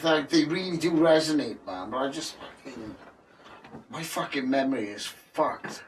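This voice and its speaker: A Welsh man chats on a podcast sofa with an easy, joking manner, dropping swear words and laughing often. His voice sits on the high side for a man. The recording is roomy, with the mic set well back. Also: normal speed, a little hiss or hum. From Wales. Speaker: guest. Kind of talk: casual podcast chat. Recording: roomy sound from a distant mic.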